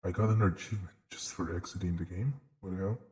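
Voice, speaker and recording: A man's voice: low voice, steady tone, fast, over loud music. A man streaming a video game with casual live commentary, speaking English in a put-on creepy voice. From Bolivia.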